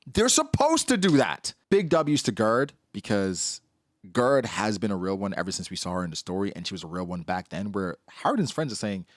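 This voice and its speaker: Animated man with a lively voice. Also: lowish voice, dry recording, studio quality. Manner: animated, slangy, acts out characters in quick asides. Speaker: manga reaction host. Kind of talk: casual commentary.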